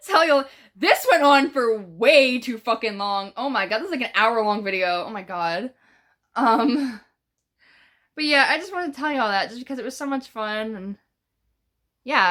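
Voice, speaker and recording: A woman with a New York accent telling a casual storytime vlog, animated, profane and full of slang. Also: on the high side. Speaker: vlogger.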